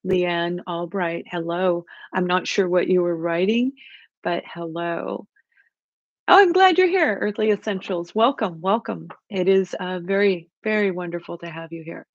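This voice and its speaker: Animated woman giving a live tarot reading. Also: lowish voice, moderate pace, dry recording, lo-fi sound. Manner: animated, greets viewers by name in the chat. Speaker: tarot reader hosting a livestream.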